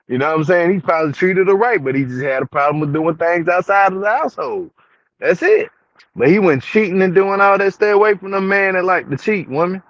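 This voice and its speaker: A man's voice: sits high, expressive, brisk, no echo. A young man recording a casual commentary vlog, talking to his viewers in slang. He repeats himself for emphasis and is getting angry. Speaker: reality TV commentary vlogger. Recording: dull, dry, lo-fi home recording.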